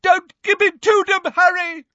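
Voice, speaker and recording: A man voicing a frightened but defiant teenage boy who shouts in strained desperation. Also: very high-pitched, level tone, measured pace, dry recording, lo-fi sound, voice pushed up, exaggerated voice. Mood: shouting defiant.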